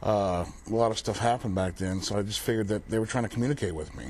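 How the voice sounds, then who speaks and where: Low-voiced young man, a relaxed guest. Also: fast talker, slight background noise. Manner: relaxed, plain-spoken, uses many fillers like "um" and "like". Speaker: paranormal investigator guest. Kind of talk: casual TV interview. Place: TV studio.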